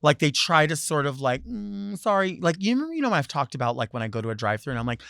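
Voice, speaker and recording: A man hosting a talk show, delivering a sassy, theatrical solo monologue with loud bursts and low asides. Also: expressive, rapid-fire, no room sound, studio quality. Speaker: host.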